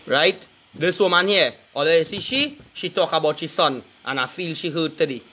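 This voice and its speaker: Trinidadian man, raw profane rant, high sharp tone. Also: expressive, moderate pace. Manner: angry, cursing, threatening. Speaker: online commentator.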